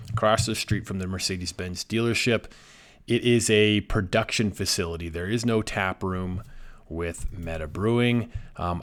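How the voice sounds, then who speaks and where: A man chatting casually about breweries, rambling with lots of fillers. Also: lowish voice. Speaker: beer reviewer. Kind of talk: casual chat.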